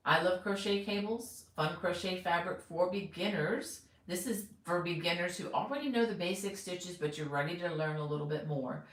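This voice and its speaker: Middle-aged lady chatting on her crochet livestream, lowish voice, echoey room. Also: a bit bright. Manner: chatty, friendly, greets viewers by name. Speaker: crochet teacher hosting a live stream. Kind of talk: casual live-stream chat.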